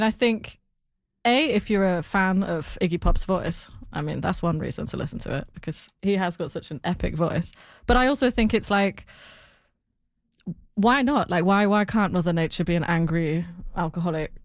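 A woman guest in an interview, answering in an animated, rambling way, full of "like" and "I mean". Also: on the low side, no room sound, clean studio sound. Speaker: podcast creator, guest.

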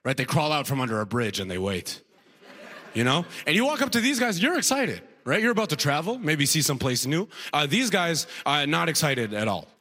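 With a fairly high, sing-song voice that sounds pushed and bright, a Canadian man delivers a stand-up set on a club stage at a fairly quick clip. He talks to the audience in a punchy, casual way and laughs at his own material. Faint noise and a long hall reverb are audible.

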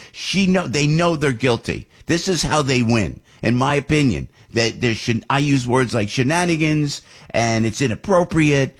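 A man hosting a political talk show, rambling and repeating himself in an animated way. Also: medium pitch, husky. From New Jersey.

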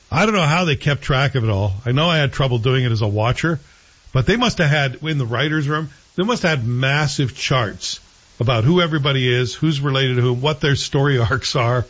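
Man, husky, rambling, opinionated, casual chat host, muffled lo-fi sound. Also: medium pitch, a bit bright. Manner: rambling, opinionated, self-correcting. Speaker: host reviewing TV series. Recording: dull lo-fi sound.

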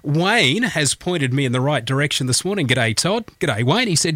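A man's voice: a little high, sing-song, moderate pace, a bit bright, dry recording, studio quality. A man with an Australian accent, hosting a breakfast radio show and chatting casually while reading out listener messages. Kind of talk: casual morning radio chat. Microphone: studio microphone.

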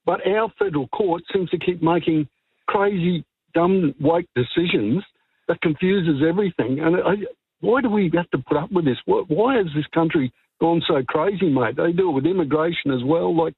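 A man's voice: a little high, normal speed, breathy edge. A male caller with an Australian accent, indignant and rambling as he airs a complaint on talkback radio. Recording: phone line.

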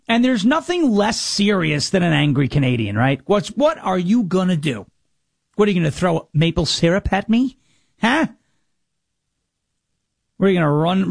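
Gravelly-voiced mocking male talk host. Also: high voice, animated, moderate pace, dry recording. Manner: mocking, sarcastic, mimics opponents in whiny voices. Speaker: radio and podcast host. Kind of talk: casual commentary monologue. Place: Tennessee.

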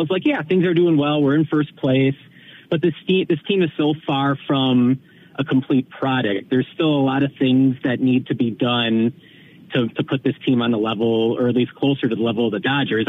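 Fast-talking man on a tinny phone line. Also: medium pitch, slight background noise. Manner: fast, hedging fan talk. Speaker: radio guest. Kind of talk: casual sports talk.

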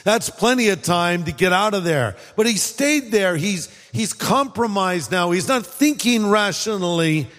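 High-voiced man preaching in an echoing hall. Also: expressive, unhurried, hardly any pauses, a bit bright. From California. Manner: conversational preaching with dramatized quotes. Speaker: pastor. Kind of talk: sermon.

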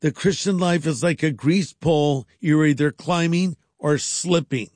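A man's voice: a little high, unhurried, a little mellow, dry recording. A man reading a scripted radio ministry announcement in an earnest, encouraging way.

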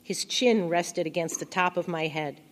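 A woman narrating a first-person audiobook in a quiet, intimate, reflective way. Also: lowish voice, moderate pace.

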